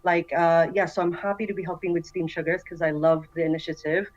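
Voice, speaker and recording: A chatty woman talks eagerly in a casual online voice meeting, her speech peppered with fillers. Her voice sits on the low side, and the audio is dull and lo-fi, like a compressed call. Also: little pitch movement, fast talker. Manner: chatty, enthusiastic, many fillers. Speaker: community member introducing herself. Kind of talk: casual voice chat.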